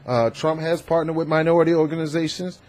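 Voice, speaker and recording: A man hosting a political commentary vlog, talking in an emphatic, animated and preachy way. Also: on the high side, fast talker. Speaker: host.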